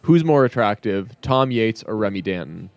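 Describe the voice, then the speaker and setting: A man's voice: fairly low pitch, lively intonation, normal speed, darkish tone, dry recording. A man co-hosting a podcast, chatting casually and joking, with frequent restarts. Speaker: podcast co-host. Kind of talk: casual chat.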